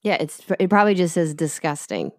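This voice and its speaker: A woman's voice: sits low, lively intonation, brisk, no room sound, studio quality. A young woman co-hosting a podcast, teasing her friend in casual chat. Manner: teasing, playful. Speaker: podcast co-host.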